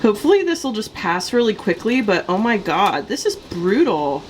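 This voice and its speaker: A woman's voice: medium pitch, very animated, normal speed, a little hiss or hum. A woman talking chattily and expressively in a casual writing vlog, indoors at home. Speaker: author vlogger.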